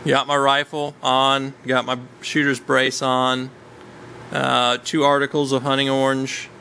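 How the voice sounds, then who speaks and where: A man's voice: medium pitch, sharp tone, a little hiss or hum, poor audio. A man casually recounting a hunting trip, rambling along with many ums and uhs. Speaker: hunter telling a story. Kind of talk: casual storytelling chat.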